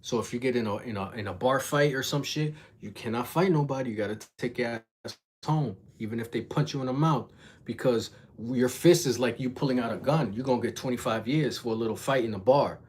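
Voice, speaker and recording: A man's voice: medium pitch, brisk, darkish tone, slightly rough. A young man telling a story on a livestream in casual, profane slang, acting out the voices of the people in it. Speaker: reaction vlogger.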